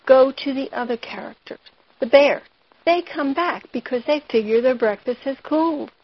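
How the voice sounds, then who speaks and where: Woman, writing teacher, explanatory, fairly high voice, muffled recording. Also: moderate pace, husky, no echo. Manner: questioning, explanatory, retells the tale with voices. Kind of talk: lecture on fiction writing.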